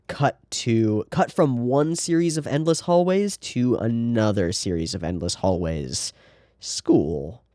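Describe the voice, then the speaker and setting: A man's voice: medium pitch, wildly swooping pitch, moderate pace, dark tone, no echo, clean studio sound. A man hosting an anime reaction, talking through the episode in a casual, sarcastic way with rambling asides.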